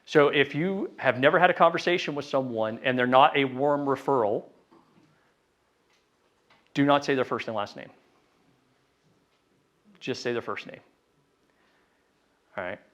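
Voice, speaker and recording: A man giving a live sales training talk to a room, lively and conversational, acting out phone calls in quick voices. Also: medium pitch. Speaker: real estate sales trainer. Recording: dull lo-fi sound.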